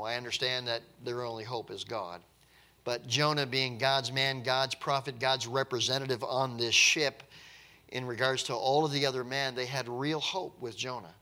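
A man's voice: mid-range voice, sharp tone. A man preaching a conversational, emphatic sermon, often repeating his words as he explains.

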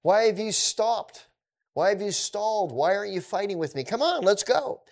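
A man voicing a boastful giant warrior who mocks and challenges his enemies with loud calls. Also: high-pitched, animated, moderate pace, creaky, pitched above the performer's own voice. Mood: taunting.

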